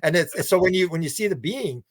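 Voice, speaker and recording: A man with a fairly high voice, talking on a podcast. He tells his stories in a loose, rambling way, repeats words as he goes and slips into the voices of the people he quotes. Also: animated, a little fast, no echo, clean studio sound. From Canada. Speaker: podcast guest, researcher. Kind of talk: casual conversational storytelling.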